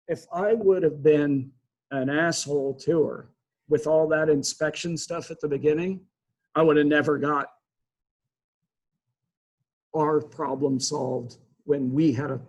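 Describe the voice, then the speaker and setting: A man, a real estate agent, bluntly retelling a tense client call in a casual monologue, with quick restarts. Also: fairly high pitch, darkish tone, rough recording.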